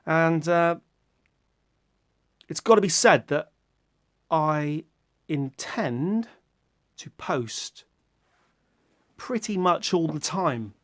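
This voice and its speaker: Rambling British man with a high-ish voice. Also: drawn-out words, pauses often, no room sound, studio quality. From Britain. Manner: rambling, self-mocking, with sudden loud animated outbursts; swears casually. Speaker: YouTuber. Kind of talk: casual rambling vlog chat.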